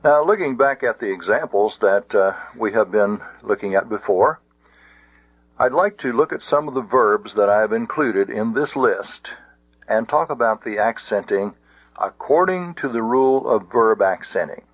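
A man teaching a Greek grammar lesson, speaking deliberately with frequent restarts. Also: lowish voice, animated, breathy edge. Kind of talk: classroom lecture. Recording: dull lo-fi audio.

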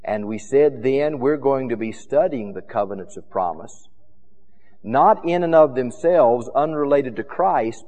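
A man preaching a sermon with emphatic, rhythmic repetition, his loudness rising and falling widely. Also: medium pitch, in a large hall.

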